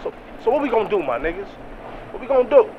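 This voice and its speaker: A young man playing a frustrated street hustler in a music video skit, agitated and shouting, recorded outdoors with traffic noise behind. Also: high voice, very animated, fast, phone-quality sound. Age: young adult.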